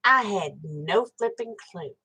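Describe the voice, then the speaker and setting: Slow-talking woman telling stories. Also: medium pitch, animated, bright, forceful tone, slightly rough, poor audio. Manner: frank, chatty, swears casually, talks straight to viewers. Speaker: live-stream host. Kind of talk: casual live-stream storytelling.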